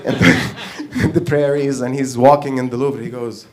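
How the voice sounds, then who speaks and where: On stage at an open mic, a male comedian works through a rambling, profane routine in a mid-range voice, keeping his intonation fairly even and his speed normal while laughing at his own material.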